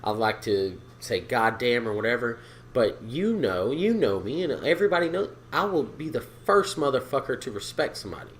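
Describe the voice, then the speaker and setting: A man on a casual podcast, ranting with a lively, swooping delivery and swearing a lot. He acts out the people he quotes. A faint hiss of noise sits under his voice. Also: mid-range voice, normal speed. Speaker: podcast co-host. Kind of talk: casual profane chat.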